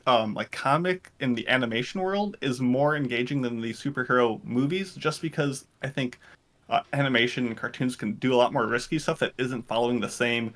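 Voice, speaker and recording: A man's voice: mid-range voice, fairly quick, a bit bright. A man co-hosting a podcast, chatting casually in an upbeat, easygoing way. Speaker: podcast co-host. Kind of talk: casual chat.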